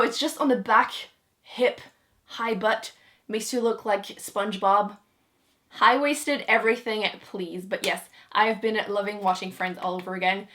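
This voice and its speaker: A young woman chatting casually to camera about her monthly favorites, giggling often and filling pauses with "uh" and "like". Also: medium pitch, a bit bright. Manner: chatty, giggly, many fillers. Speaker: beauty vlogger.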